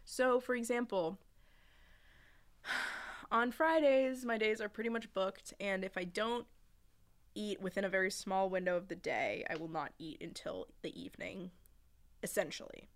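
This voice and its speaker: A chatty young adult woman hosting a podcast tells a rambling story in casual chat, laughing often, in a mid-range voice at normal speed.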